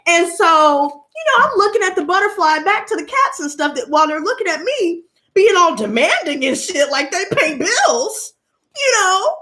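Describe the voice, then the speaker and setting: A woman tarot reader chatting casually to her viewers, telling an animated story and addressing them directly. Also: very high-pitched, moderate pace, hardly any pauses.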